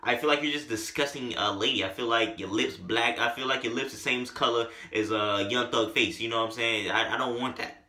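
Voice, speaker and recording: A man doing a comedic music review, riffing in a joking, exaggerated, animated way. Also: mid-range voice, a little fast. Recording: echoey room.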